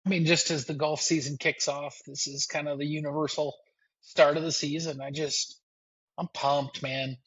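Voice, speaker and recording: A man's voice: fairly high pitch, little pitch movement, normal speed, a bit bright, highs cut off, slight background noise. A man joining a podcast as the golf guest, chatting with hesitant enthusiasm. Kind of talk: casual sports chat.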